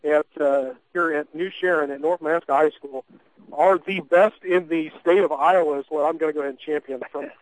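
A folksy man calls a high school football game for local radio, his voice sitting a touch high for a man. He chats freely between plays, with plenty of fillers and restarts, and the sound is close and dry. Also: steady tone, a little fast, no echo, poor audio. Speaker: play-by-play announcer. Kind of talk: local radio sports commentary.

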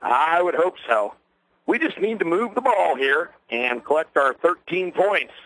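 A man doing play-by-play for a local radio broadcast of a ball game, folksy and rambling, quickening on big plays, with a voice worn from a long night. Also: fairly high pitch, lively intonation, fairly bright tone, poor audio. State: losing his voice. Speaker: play-by-play announcer. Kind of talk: local radio sports commentary.

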